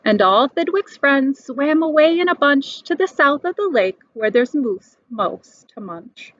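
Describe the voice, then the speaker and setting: A woman reading a rhyming storybook aloud in a lively, animated way. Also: high voice, a little slow, no room sound. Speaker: storybook reader. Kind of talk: expressive storybook read-aloud. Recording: dull dry recording.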